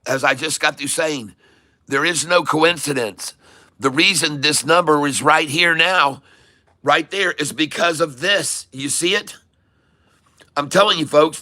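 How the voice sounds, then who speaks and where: Playful male stream host; unhurried delivery, bright tone. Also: fairly high pitch, no room sound, studio quality. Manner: playful, jokey hype with kiss sounds and joke French and Spanish; chart-pointing teacher, addresses viewers as folks. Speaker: stock-trading stream host. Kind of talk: live trading stream commentary.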